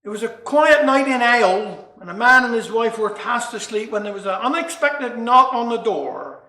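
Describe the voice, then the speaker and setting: A Cornish man tells comic yarns and dialect verse in a folksy, measured way. His voice is high and bright. The sound is echoey, as in a room. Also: animated. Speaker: storyteller.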